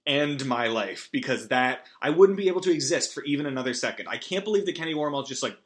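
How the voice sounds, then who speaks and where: A man hosting a podcast, recapping a movie in a rambling, self-deprecating way with big animated swings. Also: mid-range voice, fast. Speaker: podcast host.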